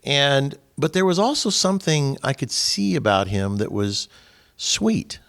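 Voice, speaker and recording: A middle-aged man leads a faith group discussion, telling a personal story as a lively anecdote. His pitch sits in an ordinary middle range but swings widely as he acts out the back-and-forth. He builds the story toward a faith message. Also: unhurried, creaky. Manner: lively retelling with quoted dialogue.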